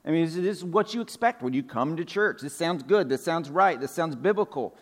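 Male pastor, slightly high voice, easygoing sermon delivery, restates points, loose filler words. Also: expressive, brisk. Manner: casual, repeats points, many "like" fillers. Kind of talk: conversational sermon. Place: church sanctuary.

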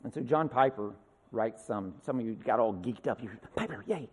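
A man's voice: mid-range voice, moderate pace, a little mellow. Man preaching in a reverberant hall. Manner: conversational, asides and rhetorical questions. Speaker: pastor. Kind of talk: sermon.

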